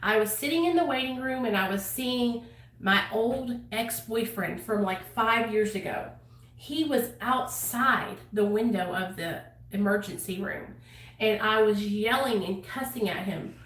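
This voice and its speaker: A woman's voice: medium pitch, measured pace, a bit bright. A woman telling her own story to camera in a casual, blunt way, swearing freely and using many fillers. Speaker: channel host sharing her recovery story. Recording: echoey room, voice a bit far from mic.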